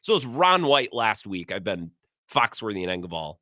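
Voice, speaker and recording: A man hosting a sports talk radio show, giving opinionated takes in a sarcastic, animated way. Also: on the low side, no room sound, studio quality. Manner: animated, sarcastic, quick asides.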